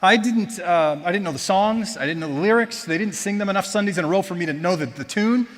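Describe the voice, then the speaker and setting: A man's voice: sits high, fast, big-room sound. Self-deprecating man telling a church testimony. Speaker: church member giving a personal testimony. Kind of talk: personal testimony told as a story. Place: church auditorium.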